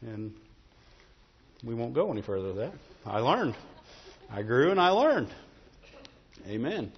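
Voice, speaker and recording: Conversational pastor in a reverberant church. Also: male voice, mid-range voice, sing-song, measured pace, slightly rough. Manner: conversational, repeats "Amen?" and "Right?". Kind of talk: sermon. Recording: dull, with long hall reverb.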